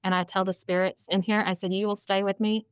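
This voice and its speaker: A woman's voice: medium pitch, level tone, brisk, clean tone, no room sound. A woman guest, a doll collector, chatting casually, gushing and earnest as she talks. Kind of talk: casual chat.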